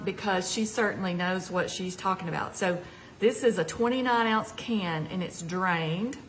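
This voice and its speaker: A woman's voice: medium pitch, fairly bright tone, a little hiss or hum, rough recording. An older woman with a Southern American accent hosting a casual home cooking demonstration, chatty and folksy with plenty of asides. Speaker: cooking show host, retired home ec teacher. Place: home kitchen. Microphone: camera nearby.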